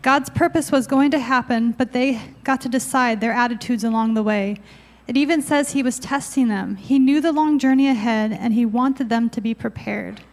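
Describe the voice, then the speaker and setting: A woman with a high, light voice leads a casual Bible study. She talks in a chatty, informal way and reads scripture passages aloud from her notes. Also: normal speed.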